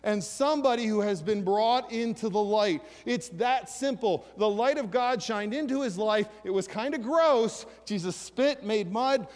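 A man preaching a sermon, reading scripture aloud and putting questions to the congregation in an animated way. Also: sits high, unhurried, few pauses. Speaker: pastor. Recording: reverberant hall sound.

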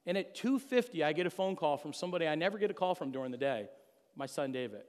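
A man's voice: a little high, lively intonation, fast talker, a little mellow. A middle-aged man giving an earnest, emotional personal testimony to a church congregation. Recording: long hall reverb.

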